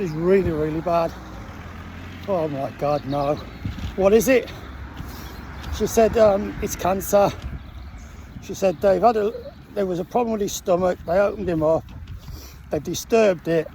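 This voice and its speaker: Halting man recounting a story. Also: high-pitched, animated, darkish tone, slight background noise. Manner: halting, emotional, with frequent restarts. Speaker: former military trainee telling his story. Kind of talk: personal storytelling monologue.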